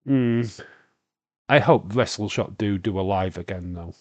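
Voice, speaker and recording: A man's voice: fairly low pitch, measured pace, darkish tone, no room sound, dull audio. A man with a Yorkshire accent hosting a casual wrestling watch-along stream, rambling on and answering chat questions with lots of fillers.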